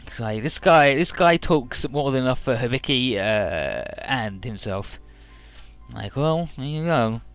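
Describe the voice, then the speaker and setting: A man's voice: mid-range voice, lively intonation, unhurried, faint music behind. A man hosting a let's play, casually retelling game dialogue in a rambling, offhand way.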